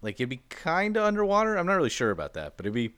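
A young man cohosting a podcast talks very fast in casual chat, rambling with heaps of "like" and "um" as he explains. His voice is a little high yet sits in the middle range, with huge pitch swings and a smooth, fairly bright tone. The sound is dry and close, with no room echo.

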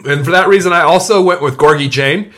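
Male podcast co-host, casual sports chat, lively asides. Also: a little high, a little fast.

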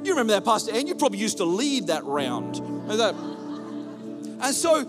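Man, pastor, sermon, high voice, wide swoops in pitch. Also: moderate pace, over music. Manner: animated preaching that leads the congregation. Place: church hall with a congregation.

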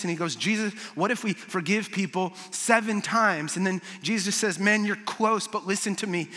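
A man preaching a sermon as a pastor, storytelling with animated swings and soft, low moments for emphasis. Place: large hall with audience. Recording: long reverb of a large hall.

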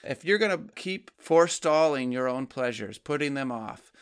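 A man's voice: mid-range voice, animated, moderate pace, clean tone. A man co-hosting a conversational discussion of poetry, patiently explaining lines of verse.

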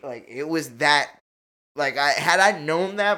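Bright-voiced man telling a wild story. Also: fairly high pitch, measured pace. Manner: animated, profane, slangy storytelling. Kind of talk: casual storytelling chat.

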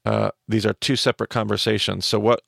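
Gravelly low-voiced man teaching scripture. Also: level tone, a little fast, fairly bright tone, no echo, studio quality. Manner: explains with restarts and fillers, speeds up in asides. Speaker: Bible teacher and podcast host. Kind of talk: podcast Bible teaching.

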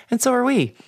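A woman's voice: on the high side, darkish tone, slightly rough. A woman podcast co-host chatting in a rambling, playful way. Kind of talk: casual chat.

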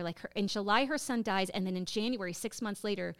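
A woman's voice: mid-range voice, fast, fairly bright tone, clean tone, no echo, studio quality. A woman co-hosting a podcast, telling a story in casual chat, emotional and rambling with lots of fillers. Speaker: podcast co-host.

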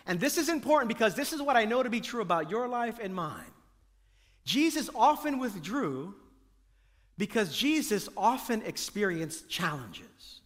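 A man's voice: high voice, very animated, normal speed, fairly bright tone. A male pastor preaching a sermon, emphatic, building his points through repeated phrases and calling out to the congregation. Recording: long reverb of a large hall.

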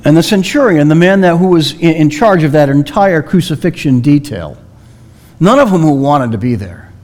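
A man preaching a sermon, telling a story slowly and dramatically with long pauses. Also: fairly high pitch, lively intonation, darkish tone.

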